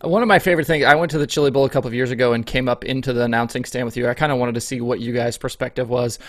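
A man's voice: medium pitch, fairly even intonation, very fast, dry recording, studio quality. A man hosting a casual interview, asking upbeat, chatty questions. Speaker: podcast host, interviewer.

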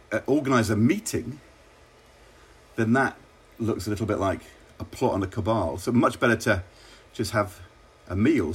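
A middle-aged man from England, a former minister, telling wry, measured stories in an interview. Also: on the low side, breathy edge. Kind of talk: relaxed interview anecdotes.

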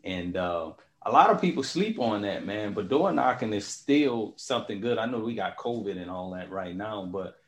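A man hosting an interview in a relaxed, casual way, often saying "man". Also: on the low side, normal speed, hardly any pauses. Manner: relaxed, says "man" a lot. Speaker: podcast host. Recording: roomy echo.

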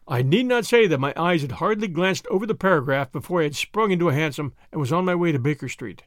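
Man narrating in a fairly high voice. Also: lively intonation, fast talker, few pauses, no room sound, clean studio sound. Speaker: audiobook narrator. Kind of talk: first-person storybook narration.

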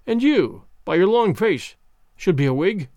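A man's voice: high-pitched, very animated, unhurried, a little mellow, no room sound, clean studio sound. A man reading an audiobook, voicing a bold, blunt Jacobite adventurer who banters with the boy he dines with. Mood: bantering.

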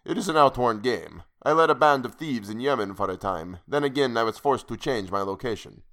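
A man's voice: medium pitch, expressive, brisk, fairly bright tone. A man reading the lines of a mocking, formal Arab sheik in an audiobook story. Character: scornful Arab sheik, middle-aged man.

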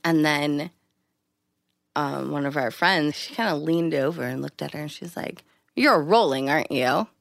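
Woman, interview guest, chatty storyteller, animated quoting, dry room. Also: normal speed, gravelly, dry recording. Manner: animated, acts out quotes with big pitch jumps. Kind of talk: casual storytelling.

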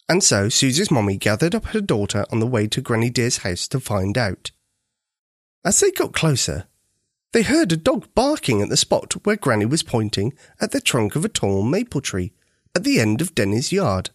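A man's voice: mid-range voice, sing-song, moderate pace, no echo, studio quality. A man narrating a children's story in a storyteller's cadence.

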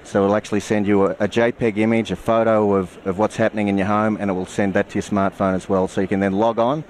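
A man's voice: lowish voice, level tone, quick pace, slight background noise. An Australian man being interviewed on a radio show, explaining things plainly, with many fillers and restarts. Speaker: guest, security company marketing manager.

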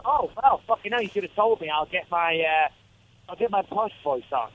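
A fighter phones in for a casual interview, joking in an upbeat way and swearing freely. His voice sits high, with lively intonation and a brisk pace, heard over a tinny phone line.

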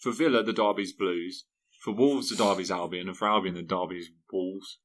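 A man chats as a podcast co-host. His voice is fairly low but bright, and he keeps things playful as he quizzes his partner. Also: steady tone, normal speed. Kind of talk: casual chat.

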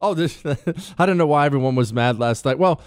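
A man hosting a talk radio show, combative and emphatic, jumping between loud outbursts and low muttered asides. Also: brisk, smooth, no echo, clean studio sound. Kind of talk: opinionated talk radio monologue.

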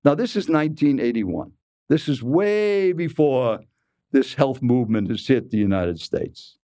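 Male speaker, 80s: lively storyteller, talks straight to the listener, dry close sound. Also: medium pitch, measured pace, no room sound. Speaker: keynote speaker and speech coach. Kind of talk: storytelling keynote talk.

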